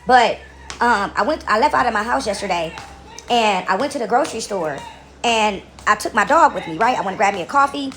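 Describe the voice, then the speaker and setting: A woman's voice: a little high, expressive, fairly quick, sharp tone. A woman telling a long, rambling story to her camera from her couch at home, repeating words and checking in with "right?" as she goes. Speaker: vlogger.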